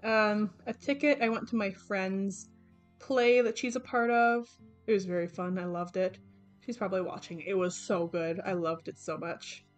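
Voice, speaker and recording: A woman's voice: medium pitch, steady tone, normal speed. A young woman talking through her sketchbook in a casual, rambling way, with lots of fillers and self-corrections. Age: young adult. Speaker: artist vlogger. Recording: faint background music. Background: background game music.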